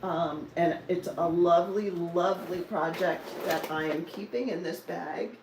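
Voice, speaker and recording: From her home in Denver, a sixty-something cross-stitch vlogger live streams, chatting playfully and laughing a lot. Her fairly low voice is steady and measured, with background noise. A roomy, slightly distant mic adds faint ambience.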